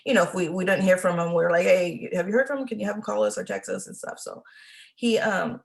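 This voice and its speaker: Emotional woman with a gravelly voice. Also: mid-range voice, steady tone. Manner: halting and emotional, with many restarts and trailing off. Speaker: interview guest. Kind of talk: personal testimony.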